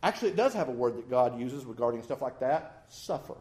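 A man preaching a sermon in a folksy, animated way with self-deprecating humor. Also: medium pitch, a little fast.

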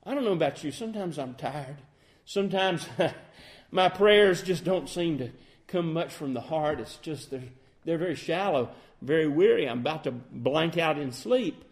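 A man preaching a sermon, earnest and emphatic, reading scripture in a measured cadence and easing into soft reflection. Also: on the high side, animated. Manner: earnest, rising to emphatic peaks then quieting to soft reflection; quotes King James scripture in measured cadence.

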